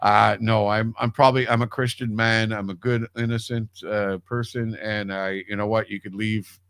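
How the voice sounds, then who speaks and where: A man's voice: lowish voice, flat delivery, normal speed, a bit bright, clear, resonant tone, dry recording. A man telling a long personal story in casual radio chat, rambling with restarts and swearing freely. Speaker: radio show guest.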